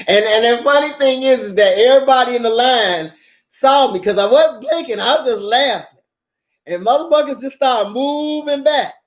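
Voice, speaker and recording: A woman's voice: on the high side, echoey room. A woman hosting her channel, telling stories in a casual monologue, swearing freely and laughing often. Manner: profane, animated storytelling with frequent laughter. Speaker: channel host.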